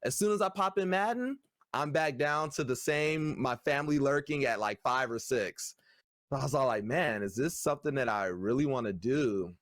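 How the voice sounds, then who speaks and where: A young man, a streamer, chatting casually and easygoing, with many pauses. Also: medium pitch, expressive, fairly bright tone, dry recording, studio quality. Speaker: streamer, guest. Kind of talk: casual podcast chat.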